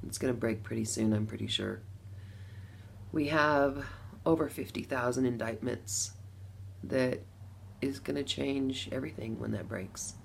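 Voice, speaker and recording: A middle-aged woman from Las Vegas telling a personal story to camera, animated, with bursts of laughter between lines. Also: a bass voice, unhurried, gravelly, long pauses, a little hiss or hum. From Las Vegas, USA. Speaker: vlogger.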